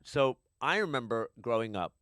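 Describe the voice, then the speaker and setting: A wry podcast host in his thirties, nudging his guest along. His voice is very lively, rising and falling a lot at a middle pitch. It is recorded dry and close, with no room echo. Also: moderate pace. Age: 30s. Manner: wry, steering the conversation. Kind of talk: casual podcast chat.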